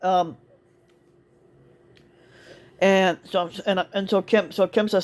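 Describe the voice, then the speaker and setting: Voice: mid-range voice, fairly even intonation, a little slow, pauses often. A store cart attendant telling a work story in a casual monologue, rambling with lots of fillers, restarts and swearing.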